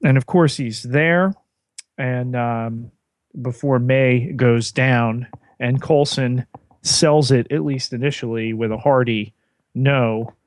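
A man co-hosting a podcast, walking through a TV episode scene by scene in relaxed, casual chat. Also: mid-range voice, dry recording. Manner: unhurried, walks through scenes step by step. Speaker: podcast co-host.

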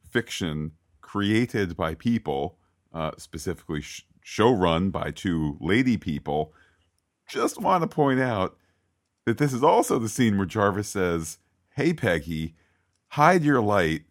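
A man's voice: lowish voice, animated, measured pace. A man co-hosting a podcast, chatting casually and ranting playfully about a TV episode. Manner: opinionated, ranting with playful asides. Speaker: podcast co-host.

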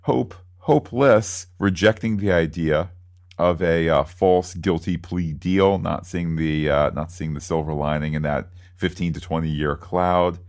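A man's voice: sits low, a little slow, darkish tone. A man co-hosting a podcast, recapping a TV episode in a wry, wordy, playful way. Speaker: podcast co-host.

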